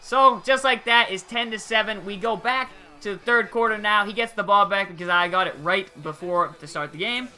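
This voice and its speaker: A young man giving casual, excitable gameplay commentary over a football video game, using slang and chuckling often. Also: high-pitched, normal speed, few pauses. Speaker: gaming channel host.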